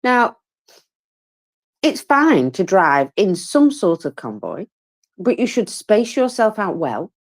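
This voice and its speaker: A tired, yawning woman gives casual live commentary on a war, chatty and informal, with many fillers and wry, self-mocking asides. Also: deep voice.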